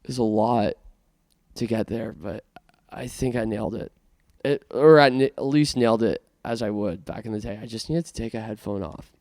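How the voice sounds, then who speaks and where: Gravelly, self-conscious man podcasting. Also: fairly low pitch, normal speed, darkish tone, no room sound, clean studio sound. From Canada. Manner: self-conscious, rambling with many restarts. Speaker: podcast host. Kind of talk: casual podcast monologue.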